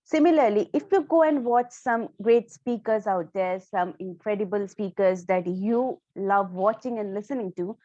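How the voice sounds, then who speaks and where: A woman teaching public speaking to camera. She stresses key words and uses deliberate pauses. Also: mid-range voice, dark tone, dry recording, muffled recording. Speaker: speaking coach. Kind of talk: instructional talk to camera.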